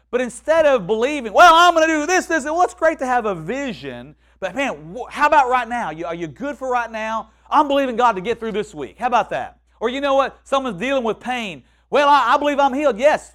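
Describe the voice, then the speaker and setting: A man with a high voice preaches in a loose, conversational way. He restarts and repeats phrases, then slips into quoted voices to act out what people say. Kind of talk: sermon.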